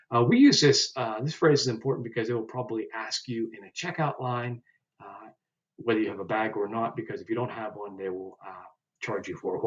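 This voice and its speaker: Man teaching language slowly, dull recording. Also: fairly low pitch. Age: older than twenty, joking about it. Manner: slow, deliberate pronunciation of example phrases with uh fillers. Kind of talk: explaining vocabulary step by step.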